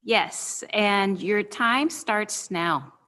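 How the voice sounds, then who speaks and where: Brisk woman moderating a meeting. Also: mid-range voice, sharp tone. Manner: brisk, procedural. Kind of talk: procedural meeting facilitation. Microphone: remote call.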